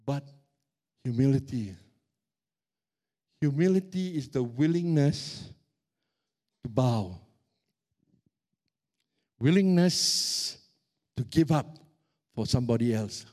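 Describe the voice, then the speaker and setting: A middle-aged man preaching a sermon as pastor, animated and emphatic, stretching out key words. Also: mid-range voice, slow, long pauses.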